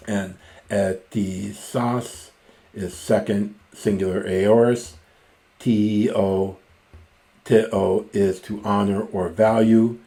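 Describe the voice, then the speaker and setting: Slow, mellow-voiced man teaching a reading lesson. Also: on the low side, level tone. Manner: slow, methodical, reads lines aloud then parses each word. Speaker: Greek teacher. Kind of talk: reading lesson on a classical text.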